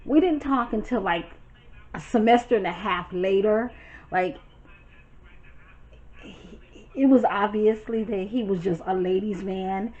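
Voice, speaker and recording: Animated New woman telling stories. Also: mid-range voice, unhurried, pauses often, muffled recording. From Brooklyn, New York. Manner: animated, profane, chatty, talks straight to viewers. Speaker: storytime vlogger. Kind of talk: casual storytelling.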